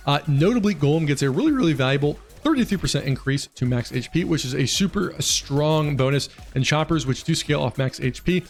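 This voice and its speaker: A man casually talking through a game build as a guide host, quick and chatty with frequent fillers. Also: mid-range voice. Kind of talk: casual gameplay commentary. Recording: faint music behind voice.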